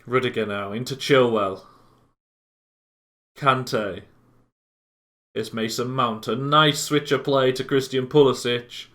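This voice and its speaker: A young man casually commentating on his own football video game match, calm between chances and bursting out loudly when goals go in. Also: medium pitch, slow pace, long pauses. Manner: excitable, bursts loud at goals. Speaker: gaming YouTuber.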